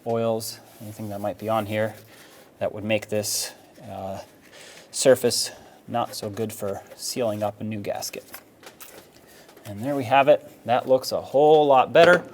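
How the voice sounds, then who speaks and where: A man's voice: fairly low pitch, a little mellow, slight background noise. A man narrating a hands-on auto repair tutorial, practical and step-by-step, with casual fillers. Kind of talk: instructional how-to narration.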